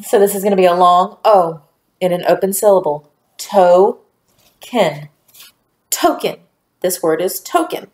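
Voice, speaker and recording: A woman teaching a recorded phonics lesson to young children, speaking slowly and clearly and praising answers. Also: fairly low pitch, fairly even intonation, roomy sound.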